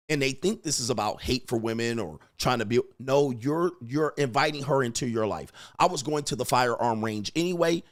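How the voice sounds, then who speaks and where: A man giving dating advice in a blunt, emphatic monologue, swearing freely and acting out quoted lines. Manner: acts out quoted lines with rising pitch. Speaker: dating coach. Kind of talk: casual monologue.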